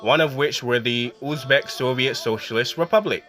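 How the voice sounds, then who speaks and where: A man's voice: medium pitch, moderate pace, a bit bright, soft background music. A man hosting a loose, self-mocking history narration, stumbling and correcting himself as he goes. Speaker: channel host. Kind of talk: casual improvised history narration.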